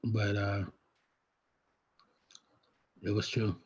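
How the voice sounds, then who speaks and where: A middle-aged man, a vlogger, telling a personal story in a halting way, with many restarts and fillers. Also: fairly low pitch, little pitch movement, slightly rough, lo-fi sound. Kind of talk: personal vlog, emotional recollection.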